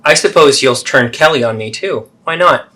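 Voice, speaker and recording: A man's voice: mid-range voice, normal speed, sharp tone, lightly acted. A man voicing a defensive, self-pitying middle-aged mother who deflects and guilt-trips in a therapeutic role-play.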